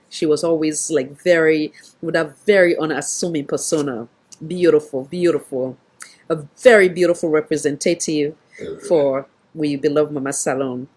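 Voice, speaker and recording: A woman's voice: sits low, a little mellow. A woman with a Sierra Leonean Krio accent hosting an online show, talking emphatically in casual Krio-mixed English. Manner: talkative, emphatic, repeats for effect.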